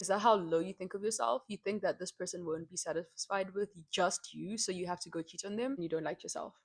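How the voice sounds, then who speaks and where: A young Zimbabwean woman vlogging her frank opinions, animated and slangy, now and then slipping into Shona at home. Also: lowish voice, fairly quick, hardly any pauses. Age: young adult. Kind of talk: candid opinion vlog. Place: home, by a window.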